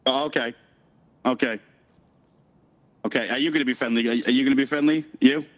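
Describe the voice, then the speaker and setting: A man's voice: mid-range voice, steady tone, fairly quick, fairly bright tone, dull audio. A man on in-game voice chat, chatty and joking, laughing as he talks. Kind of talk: playful in-game banter.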